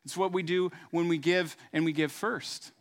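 A man's voice: on the high side, fairly even intonation, moderate pace. A middle-aged man preaching a sermon in an earnest, conversational way, then moving into a fervent prayer. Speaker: pastor.

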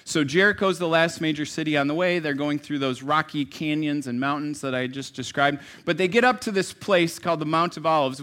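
A man preaching a sermon in a conversational, storytelling way, dropping to soft asides and rising to emphatic lines. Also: a little high. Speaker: pastor.

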